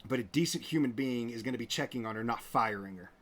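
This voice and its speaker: A man's voice: mid-range voice, fast, fairly bright tone. Rambling, indignant male show host. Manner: rambling, indignant, full of restarts. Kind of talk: casual commentary.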